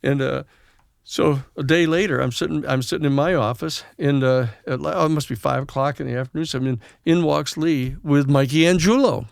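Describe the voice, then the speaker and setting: An older man in his seventies with a gravelly voice tells a story as a podcast guest, acting out the other people's lines as he goes. His voice is close and dry, with no room sound. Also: on the high side, fairly quick, no echo. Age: 70s. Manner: animated storyteller who acts out others' dialogue. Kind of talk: casual storytelling.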